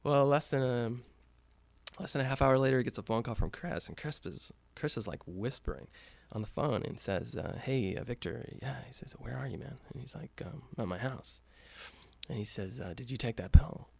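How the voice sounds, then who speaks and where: Guy telling a story, gravelly low voice, lotsa ums and swearing, dry close sound. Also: lively intonation, moderate pace, dry recording. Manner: loose and profane, many fillers, acts out the quoted lines lightly. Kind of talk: casual spoken storytelling.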